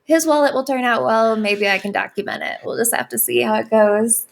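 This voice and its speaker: A woman's voice: on the high side, brisk, gravelly, a little hiss or hum. A woman co-hosting a podcast, chatting casually and giggling often. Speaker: podcast co-host. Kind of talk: casual chat.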